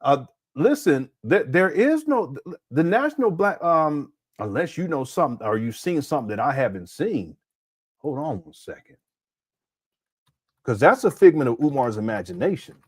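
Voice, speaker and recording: A man's voice: fairly high pitch, very animated, moderate pace, slightly rough, no echo. Man with a sore throat, dry close mic. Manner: critical, laughing, reads chat aloud. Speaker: commentary host. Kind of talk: livestream commentary.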